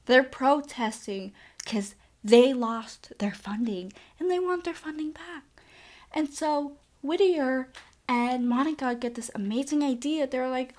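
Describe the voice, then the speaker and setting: Young female podcast host, sarcastic and chatty, a bit high-pitched, casual recap. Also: measured pace, darkish tone. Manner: sarcastic, chatty, says like a lot.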